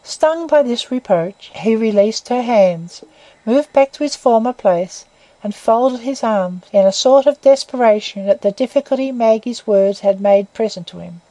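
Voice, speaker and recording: A woman reading a classic novel aloud as narrator in a measured, even way. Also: on the high side, no room sound, low-quality recording.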